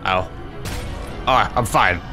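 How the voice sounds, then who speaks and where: A man's voice: fairly low pitch, takes it slowly, music in the background. A young man commentating a video game he is playing, sarcastic and swearing a lot in frustrated outbursts. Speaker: let's play gamer.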